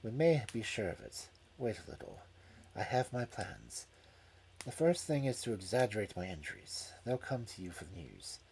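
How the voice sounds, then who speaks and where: A man voicing an injured, scheming male detective who mutters weakly and quietly. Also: on the low side, wildly swooping pitch, normal speed, slight background noise. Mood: weak, wry. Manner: weak hushed mutter. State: weak.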